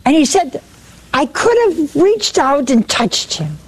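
Slow, lively-voiced woman preaching. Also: sits high. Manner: retells a story, quoting speakers, with repeated restarts. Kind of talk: sermon storytelling.

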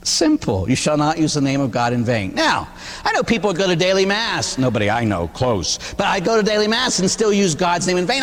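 A man serving as a Catholic priest delivers a homily in an easy, chatty manner, firing off rhetorical questions with a wry edge. His voice sits a little high and moves with a lively, wide-ranging lilt. The sound carries a long church reverb. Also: fairly quick. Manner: animated, conversational preaching with rhetorical questions and humor. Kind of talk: sermon.

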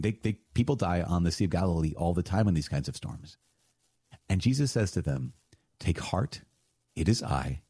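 A man giving a conversational sermon on scripture, animated and emphatic, with laughs and sarcastic asides. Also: sits low, slightly rough, no room sound, studio quality. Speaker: priest teaching on scripture.

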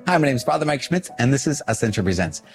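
A man's voice: mid-range voice, very fast, music in the background. A man, a priest hosting a video, talking casually and animatedly, self-deprecating and searching for words as he goes. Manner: animated, self-deprecating, acting out his own reactions. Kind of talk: casual talk to camera.

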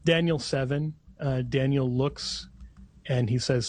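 A man's voice: mid-range voice, moderate pace, darkish tone. A man who is a guest on a talk show, explaining scripture. He reads passages aloud and laughs easily between points.

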